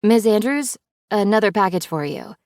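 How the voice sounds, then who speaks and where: A woman's voice: low voice, moderate pace, no echo, studio quality. Woman doing a cheerful young office assistant. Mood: teasing.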